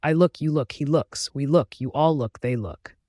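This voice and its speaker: A man voicing a crazed young male cabin boy in an audiobook, with high, singsong muttering. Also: normal speed, dark tone, dry recording, clean studio sound, lightly acted. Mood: chanting.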